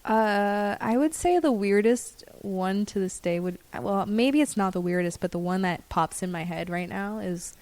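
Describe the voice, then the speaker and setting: A woman guest from Puerto Rico chatting casually, relaxed and playful with frequent giggles. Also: mid-range voice, moderate pace, hardly any pauses. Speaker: podcast guest, spa owner. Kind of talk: casual chat.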